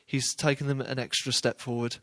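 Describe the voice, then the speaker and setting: A man gives informal, conversational Bible teaching and keeps checking in with his listeners by asking them questions. His mid-range voice is brisk and fairly bright, with little pitch movement.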